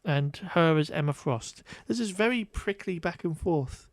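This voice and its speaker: Here a slightly high, expressive man speaks at a moderate pace with no room sound. As a podcast co-host reviewing a film casually, he sounds wry and exasperated, using lots of fillers.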